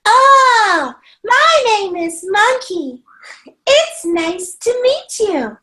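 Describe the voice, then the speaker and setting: A woman's voice: very high voice, sing-song, drawn-out words, pushed and bright, voice pushed up, heavily acted. A woman with an American accent voicing a playful, cheeky monkey puppet for a young child in an online lesson.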